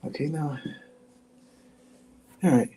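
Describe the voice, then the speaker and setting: A man in his sixties, a former football player and guest, telling stories in a lively way and often repeating words. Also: on the high side, takes it slowly, a crowd in the background. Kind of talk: animated storytelling.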